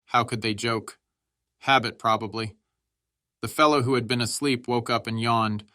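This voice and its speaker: A man narrating an audiobook in a steady, measured reading. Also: mid-range voice, dry recording, clean studio sound.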